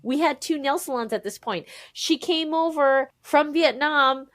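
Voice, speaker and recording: Animated woman telling a personal story. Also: sits high, measured pace. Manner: animated, emphatic, quotes people in voices. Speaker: podcast guest, memoir author. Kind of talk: candid conversational storytelling.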